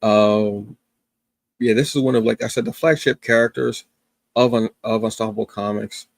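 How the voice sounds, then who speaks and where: With vocal fry in his lowish voice, a tired comics review host who's been up since early morning speaks at a moderate pace and fairly even intonation. He chats casually and keenly on his solo stream, with many fillers and restarts, and no echo.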